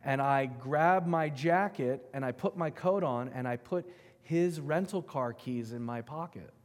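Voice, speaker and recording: Man, middle-aged pastor, sermon storytelling, emphatic and animated, echoing church hall. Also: mid-range voice, measured pace. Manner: animated, emphatic storyteller who swings between loud and hushed. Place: church sanctuary.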